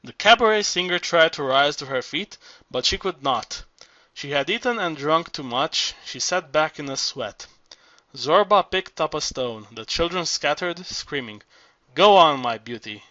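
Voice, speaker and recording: A male audiobook narrator reads at a measured pace, stumbling now and then and starting over. His voice is bright and forward. The recording is dry and somewhat dull. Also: on the high side, lively intonation, dry recording. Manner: measured reading with small stumbles and restarts. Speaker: audiobook reader.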